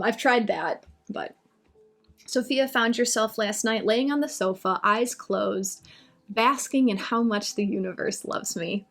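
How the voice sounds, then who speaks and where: A woman on a live stream talking about astrology and answering viewer comments in a chatty, reassuring way. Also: a little high. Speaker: astrology and oracle reader.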